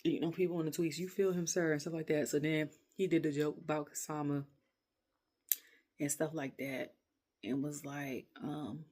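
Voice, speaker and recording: A woman's voice: low-pitched, normal speed. Chatty woman ranting casually. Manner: chatty, rambling, animated, laughs often. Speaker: wrestling reviewer. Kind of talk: casual rant review.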